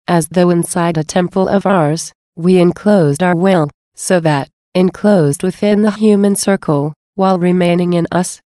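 A woman's voice: on the low side, warm tone, no room sound, studio quality, close to an everyday voice. A tender, solemn divine man, as a woman reads him. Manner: earnest devotional reading. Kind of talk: devotional reading aloud.

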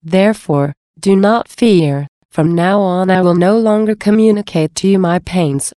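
A woman reading a tender, loving male Jesus from a devotional text, speaking softly to a grieving soul in a lowish, mellow voice. The sound is dry and close. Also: no room sound, lightly acted. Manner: tender, gentle.

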